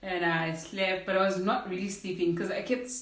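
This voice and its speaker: A woman's voice: on the low side, steady tone, moderate pace, fairly bright tone, recorded from a distance. A young woman from Zimbabwe telling a casual storytime to her viewers, acting out the voices in it and calling them "guys" again and again. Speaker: vlogger. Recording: roomy echo.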